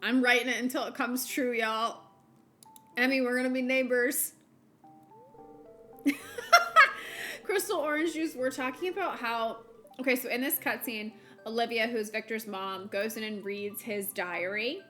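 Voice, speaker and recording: Soft music plays as a young woman from the United States streams a game, reading chat and chatting casually with her viewers. Her voice sits on the high side with a fairly bright tone and a moderate pace, and she's giggly and chatty, laughing often and using lots of fillers.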